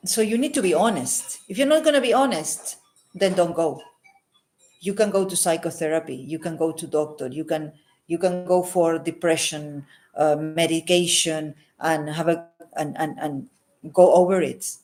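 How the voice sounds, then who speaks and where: Earnest low-voiced woman healer. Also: moderate pace, darkish tone. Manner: earnest, repeats phrases for emphasis, adds a questioning "hmm?". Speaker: holistic healer and psychic. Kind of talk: unscripted advice monologue to camera.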